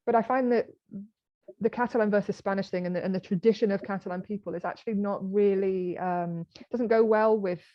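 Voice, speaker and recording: British woman, 30s, animated storyteller guest, dry lo-fi recording. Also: medium pitch, fairly quick, dry recording. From Britain. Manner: animated storytelling, acting out quoted exchanges. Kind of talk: conversational interview.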